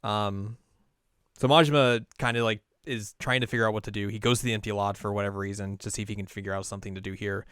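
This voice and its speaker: A male podcast co-host with a lowish, steady, slightly bright and smooth voice talks fast as he casually recaps a video game's story. His rambling summary is packed with "like" and restarts, captured in a dry, clean studio recording.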